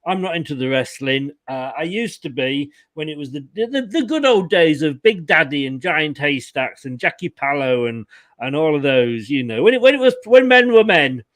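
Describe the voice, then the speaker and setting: A man's voice: fairly high pitch, normal speed, fairly bright tone, dry recording. A man hosting a casual fan-channel chat, rambling and joking, often correcting himself mid-sentence. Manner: rambling, self-correcting, jokey. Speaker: fan channel show host.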